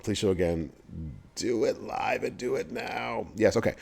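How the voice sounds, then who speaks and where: A young man with a low, mellow voice hosts a game livestream in a relaxed, chatty way. He laughs easily and talks straight to his viewers as if answering their messages. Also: moderate pace, creaky, breathy edge. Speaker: livestream host for a mobile game. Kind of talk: casual livestream chat, reading game news to chat.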